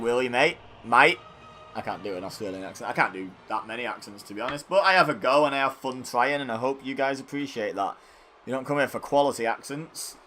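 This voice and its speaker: A man's voice: mid-range voice, a bit bright, a little hiss or hum. A man doing casual, self-mocking commentary over a wrestling video game, joking as he calls the action. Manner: chatty and self-mocking, riffing between play-by-play calls. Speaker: gaming channel host.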